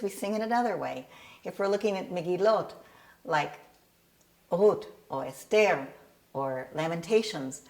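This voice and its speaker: A woman who tutors bar and bat mitzvah students in cantillation, patiently explaining her teaching method and singing short examples. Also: lowish voice.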